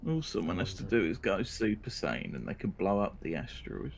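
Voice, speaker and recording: A man's voice: sits low, very animated, brisk, vocal fry, a little hiss or hum. A man co-hosting a game live-stream, throwing in wisecracks during casual chat. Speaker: stream co-host.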